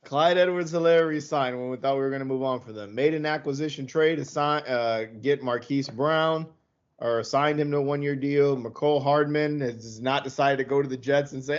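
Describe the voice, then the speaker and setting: A man's voice: medium pitch, moderate pace, lo-fi sound. Blunt profane podcast man. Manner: blunt, profane, rattles off lists. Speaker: podcast co-host. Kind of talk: casual sports podcast chat.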